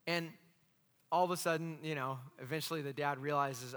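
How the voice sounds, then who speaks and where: Man, pastor, animated sermon, rhetorical questions, bright tone, church hall echo. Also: fairly high pitch, moderate pace, clean tone.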